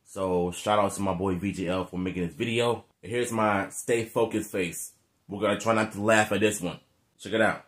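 A man hosting a casual reaction video, talking loudly in laid-back slang. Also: lowish voice, fairly even intonation, moderate pace.

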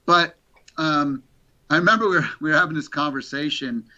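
A middle-aged man, an interview guest, chatting casually as an animated storyteller who repeats words. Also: on the high side, fairly quick, dull audio.

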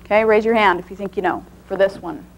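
A woman teacher demonstrating sounds to a class. She speaks clearly, with a mid-pitched voice and a demonstrative manner, addressing the whole group. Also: fast, poor audio.

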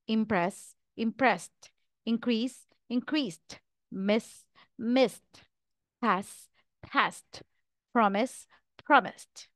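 A female teacher runs an English pronunciation drill, saying every word very slowly and enunciating with care. Her voice is slightly high. The recording is close and dry, with no room sound at all.

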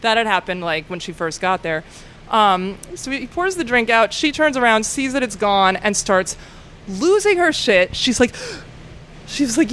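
Young woman, comedian guest, fairly high voice, rambling "like"-filled storytelling, swears freely, faint room noise. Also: expressive, moderate pace, a bit bright. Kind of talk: casual podcast storytelling.

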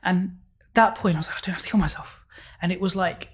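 A man's voice: high-pitched, fast, husky. A young man tells his own story candidly as a podcast guest and acts out his past thoughts. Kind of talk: personal story in a podcast interview.

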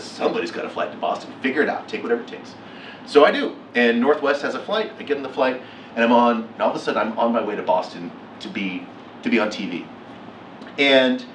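Man, middle-aged, keynote speaker, animated storytelling, roomy echo, distant mic, faint noise. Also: medium pitch. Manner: animated, acts out quotes with laughs. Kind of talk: storytelling talk. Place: lecture hall. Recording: echoey hall from far off.

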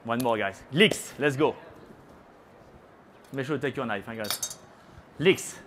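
With a fairly bright, medium-pitched voice and an unhurried delivery, a middle-aged chef from France leads a live cooking demonstration on a trade-show stage. He has a French accent and is chatty and playful, poking fun at the audience and weaving in French words, over slight background noise.

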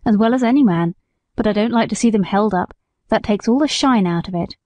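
A woman's voice: mid-range voice, a little fast, warm tone, no echo, close to an everyday voice. A woman reading the lines of a stern, kindly male country squire in an audiobook, speaking with earnest reproach.

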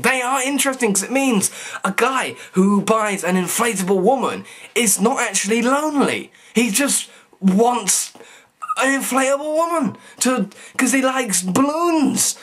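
A man's voice: very high-pitched, animated, moderate pace, a bit bright, breathy edge. A young man, talking straight to camera in a rambling, stammering comedic rant full of mock outrage. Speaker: vlogger.

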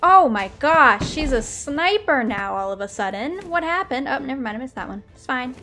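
A young woman giving chatty, excitable commentary while playing a video game, often laughing. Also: high voice, moderate pace, soft background music. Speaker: gaming video creator. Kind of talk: live gameplay commentary.

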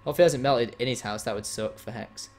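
A man's voice: mid-range voice, quick pace, a little hiss or hum. A young man hosting a gaming channel, chatting casually and teasingly while he plays, now and then frustrated. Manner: playful, teasing, swings between chatty and frustrated. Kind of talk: casual gameplay commentary.

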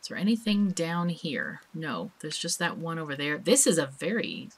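Low bright-voiced lady chatting thru a let's play, bit of hiss and clicks behind. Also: very animated, normal speed. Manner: chatty, thinks aloud, small laughs. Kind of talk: casual gameplay commentary.

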